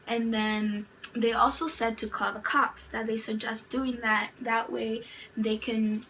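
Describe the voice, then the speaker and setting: A woman's voice: on the high side, fairly bright tone. A young adult woman vlogger telling a storytime tale in a rambling, chatty way, full of "like" fillers. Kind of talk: storytime narration. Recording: distant mic with faint background noise.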